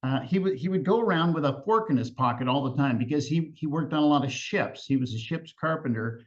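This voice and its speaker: A man telling a family tall tale live, halting and repeating words with chuckles between lines. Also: on the high side, lively intonation. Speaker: storyteller. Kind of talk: live storytelling. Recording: lo-fi event recording.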